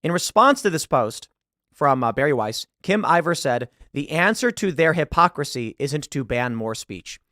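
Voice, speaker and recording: Guy doing political commentary online, emphatic, keeps repeating himself, lively swings in pitch. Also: moderate pace, dry recording, clean studio sound. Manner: emphatic, repeats words when heated.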